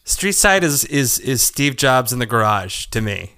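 Male podcast host, smooth clear voice, fan-like and eager, moves topics along. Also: mid-range voice, sing-song, measured pace, pushed and bright. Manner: eager fan, steers the talk. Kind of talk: casual interview chat.

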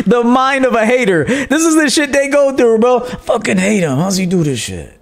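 A man's voice: very high voice, sing-song, a little slow, a little hiss or hum. A man hosting a livestream dating-advice show in a brash, profane, joking manner, reading out viewer donations. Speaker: podcast host and dating coach. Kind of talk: casual livestream monologue.

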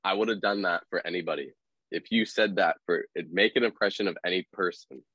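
A man's voice: deep voice, fairly quick, bright, forceful tone, husky, no room sound, dull audio. A man co-hosting a comedic podcast, defensive and argumentative as he talks. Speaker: podcast co-host.

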